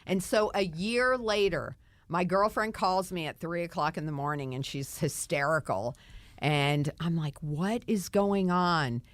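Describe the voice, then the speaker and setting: A middle-aged woman tells her story as a podcast guest, animated and quick to laugh. Her voice sits fairly low for a woman. The sound is close and dry. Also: no echo. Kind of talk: casual storytelling chat.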